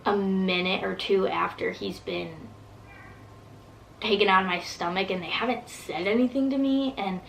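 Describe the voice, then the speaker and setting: A woman's voice: mid-range voice, normal speed, vocal fry, fairly bright tone, slight background noise, rough recording. A young woman vlogger telling a long personal story in casual, rambling talk full of fillers and swearing.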